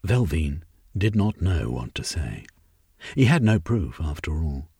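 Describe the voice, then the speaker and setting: A man reading an audiobook story in plain, measured narration. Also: rumbling low, big pitch swings, dark tone, breathy edge.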